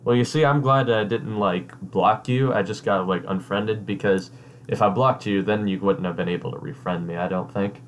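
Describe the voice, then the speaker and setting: A man's voice: lowish voice, normal speed, slight background noise. A man hosting a casual chat with a friend, chatty, reading out chat messages with mocking emphasis. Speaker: host.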